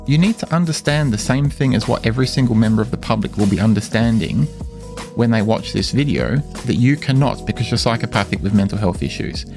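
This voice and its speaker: A man speaking insistently to camera in a monologue, repeating and slowly stressing his words. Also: mid-range voice. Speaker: vlogger addressing his stalker. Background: music.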